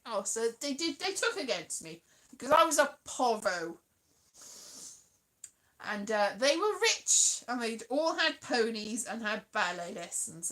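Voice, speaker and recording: A woman's voice: on the high side, sharp tone. A British woman in her forties, hosting a livestream and telling rambling, chatty stories to her viewers. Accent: British English. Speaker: livestream host. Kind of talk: casual chat with live viewers.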